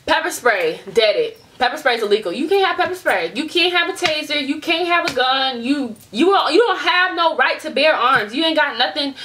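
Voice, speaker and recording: Young woman vlogger, high lively bright voice, chatty storytime delivery. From United States. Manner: animated storyteller, addresses viewers as y'all. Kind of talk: casual storytime vlog.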